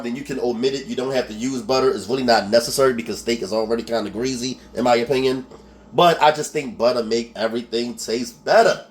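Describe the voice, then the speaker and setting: A man with a Philadelphia accent walks viewers through a recipe in an easygoing way. His pitch sits in the middle for a man. He chats loosely, pokes fun at his own speech and keeps asking "okay?" as he goes. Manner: chatty, laughs at himself, keeps asking "okay?". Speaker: cooking show host. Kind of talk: casual cooking tutorial.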